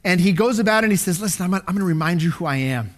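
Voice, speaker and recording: A man preaching a sermon as a pastor, swinging between loud declarations and hushed whispers as he reads scripture. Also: high-pitched, expressive, very fast.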